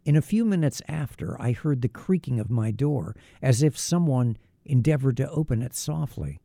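Grave gravelly male audiobook narrator. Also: medium pitch, animated, warm tone, dry recording. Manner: measured, grave, literary reading. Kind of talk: first-person novel narration.

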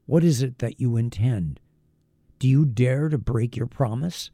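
A man voicing a wretched, bitter male creature made by a scientist, speaking in a slow, heavy, menacing way in an audiobook reading. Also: medium pitch, warm tone, no echo, studio quality. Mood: accusing.

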